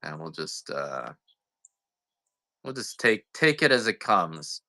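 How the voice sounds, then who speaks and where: A man's voice: sits low, big pitch swings, slow, pushed and bright, no echo. A man selling coffee on a livestream, chatting casually in a rambling, self-deprecating, joking way. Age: adult parent.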